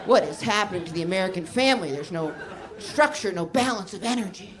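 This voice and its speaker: A woman doing a stand-up set on a comedy club stage, telling stories in a deadpan way and jumping into quick voices for her family. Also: mid-range voice. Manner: deadpan storytelling, acting out her dad and mom in quick voices. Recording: live club recording, crowd laughter and noise. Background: audience laughter.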